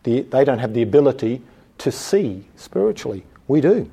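A man preaching a sermon, reading scripture slowly with emphasis and then explaining it in plain conversational talk, with the odd chuckle. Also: mid-range voice, big pitch swings, vocal fry, warm tone, breathy edge.

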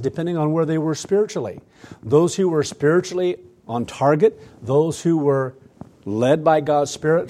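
A man's voice: medium pitch, warm tone. A man preaching a sermon to his church, earnest and emphatic, often repeating phrases for weight. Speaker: pastor.

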